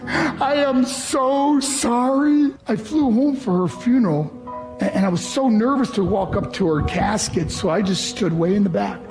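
A man's voice: sits high, a little mellow. A man from New York giving an emotional motivational speech to students, telling his story earnestly and acting out the voices he quotes. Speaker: motivational speaker. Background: background music.

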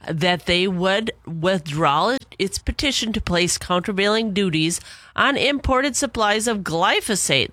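Female farm radio host, bright tone, dry booth, plain conversational read. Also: lowish voice, dry recording. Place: radio studio.

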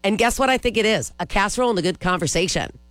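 A man's voice: high-pitched, lively intonation, rapid-fire, fairly bright tone, clean tone, no echo. A man hosting a country radio show, chatting casually between songs. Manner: chatty, jokey.

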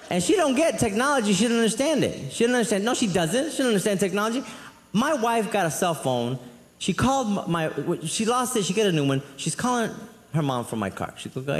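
A man doing a stand-up routine, rambling and animated through his stories with frequent asides. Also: fairly high pitch, fairly quick, a little hiss or hum. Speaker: stand-up comedian. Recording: echoey live hall, faint crowd.

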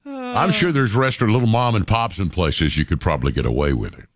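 A man hosts a morning radio show from the studio, chatting in a rambling way and stammering into repeats. His lowish voice has big pitch swings and a brisk pace, picked up dry on a studio microphone.

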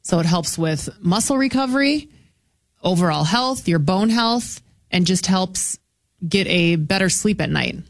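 A woman's voice: lowish voice, animated, a little slow, no room sound, clean studio sound. A woman co-hosting a radio show in casual banter, confidently recommending what she uses. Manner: chatty, gives confident advice. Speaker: radio co-host.

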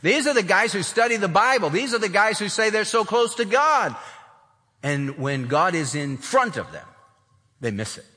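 A man's voice: high-pitched, very animated, normal speed, bright, forceful tone, long reverb tail. A man preaching a sermon who acts out the voices of the people in his story. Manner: acts out the older son's complaints in voices. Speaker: pastor.

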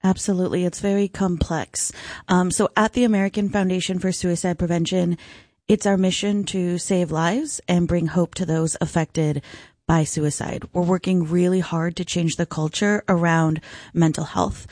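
A woman speaking as a nonprofit representative in an interview, clear and earnest with polished talking points. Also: lowish voice, steady tone, normal speed, a little mellow, dry recording, studio quality. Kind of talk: interview guest, informative.

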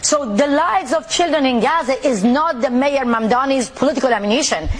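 A woman's voice: high-pitched, a little fast, slight background noise. A woman from the Middle East, an activist guest speaking indignantly in a televised interview. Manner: indignant, forceful, pointed.

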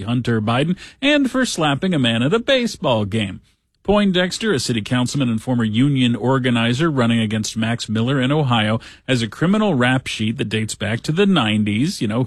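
A man's voice: medium pitch, no room sound, clean studio sound. A man hosting a talk show, reading news articles aloud and riffing on them with wry jokes. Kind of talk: casual news commentary.

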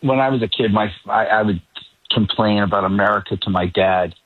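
Husky Boston man on a phone line. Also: fairly low pitch, fairly quick, no echo. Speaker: political reporter, regular panelist. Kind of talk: remote call-in commentary.

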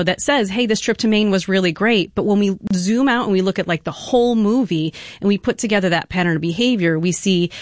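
A woman speaking as an expert guest on a panel, explaining in an animated way and often adding "you know" and "right?". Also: medium pitch, dry recording, clean studio sound. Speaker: domestic violence expert guest.

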